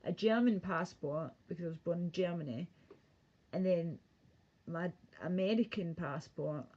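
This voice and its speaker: A woman's voice: lowish voice, unhurried. A woman ranting casually and profanely on a livestream, rambling from one thought to the next. The sound is muffled, lo-fi audio. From Britain.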